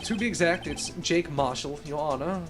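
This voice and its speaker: A woman voicing a swaggering cowboy detective man, drawling folksy lines in a deliberately bad Texan accent. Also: sits low, music in the background, natural voice. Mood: boastful. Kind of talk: fan voice-acting of a game.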